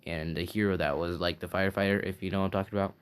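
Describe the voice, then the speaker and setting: Rambling low-voiced young man. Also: steady tone, very fast, clear, resonant tone. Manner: rambling, casual, full of fillers and restarts. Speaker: channel host telling a fan story. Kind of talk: improvised story narration.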